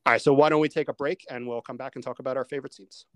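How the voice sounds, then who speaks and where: A man hosting a casual movie-review podcast, steering the talk with lively asides and questions to his co-hosts. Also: mid-range voice, no room sound. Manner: animated, quick asides, steers the discussion. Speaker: podcast host.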